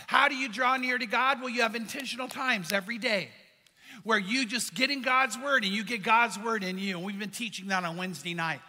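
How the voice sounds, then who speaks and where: A man's voice: very high voice, a little fast, sharp tone, big-room sound, slight background noise. A man preaching a sermon as pastor, earnest and conversational, asking the congregation questions.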